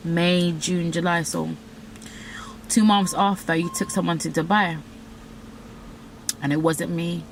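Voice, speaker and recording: A woman's voice: on the low side, fairly even intonation, a little slow, pauses often, a little hiss or hum. A young woman telling a candid story, blunt, profane and self-mocking. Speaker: vlogger.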